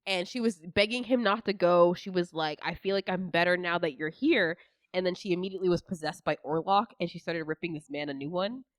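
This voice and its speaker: A woman's voice: fairly low pitch, brisk, no echo, clean studio sound. A woman co-hosting a podcast, chatting casually about a movie and acting out the characters' lines as she retells scenes. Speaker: podcast co-host. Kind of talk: casual movie review chat.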